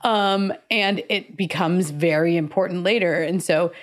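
A woman with a somewhat low voice offers measured thoughts in a relaxed podcast conversation. She speaks steadily and considers her points. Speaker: podcast panelist. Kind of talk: casual chat.

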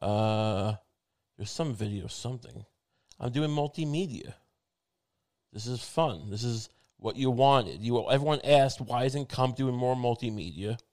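A man's voice: medium pitch, measured pace, a little mellow, dry recording, studio quality. A man hosting his show in a meandering, wry casual monologue, thinking aloud with many restarts. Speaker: show host.

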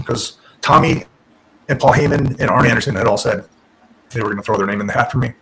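Give me a gravelly-voiced man who is a former wrestler, telling an animated story as a podcast guest and acting out quotes. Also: mid-range voice, fast talker, noisy background. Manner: animated, restarts and self-corrects, acts out quotes. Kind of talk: casual interview storytelling.

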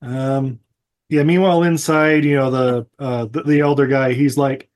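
A man's voice: medium pitch, steady tone, moderate pace, a little mellow. A man co-hosting a podcast, casually recapping a movie with frequent laughs and acted-out bits. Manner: rambling, laughs often, acts out scenes. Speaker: podcast co-host.

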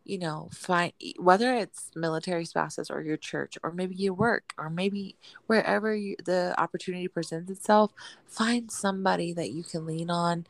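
A woman co-hosting a podcast who tells animated family stories, acting out the quotes, and encourages listeners. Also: fairly low pitch, moderate pace, vocal fry, dry recording. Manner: animated storyteller, acts out her family in quotes. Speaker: podcast co-host. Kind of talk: casual chat and encouragement.

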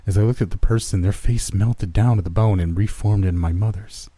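A man narrating a horror story in a measured, dramatic way. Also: lowish voice, mellow, breathy edge, dry recording.

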